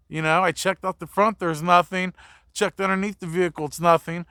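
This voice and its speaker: A man's voice: high-pitched, a little fast, pushed and bright, no echo, clean studio sound. A young man, a mobile mechanic, telling a blunt, profane story in a casual vlog.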